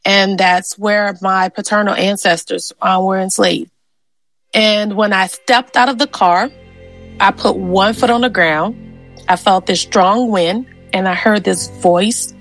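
A woman's voice: mid-range voice, fairly even intonation, measured pace, fairly bright tone, faint music behind, low-quality recording. A woman from Louisiana telling personal family history stories in an interview, earnest and conversational with many fillers. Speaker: genealogist and interviewee.

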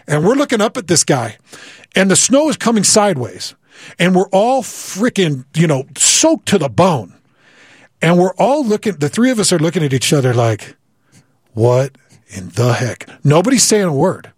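A man with a somewhat husky, slightly high voice tells a personal story with lively energy. He restarts and repeats words as the details tumble out, and the close, dry recording keeps every word up front. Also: normal speed, no room sound. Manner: vivid, repeats words, acts out quoted voices. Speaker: guest telling a story.

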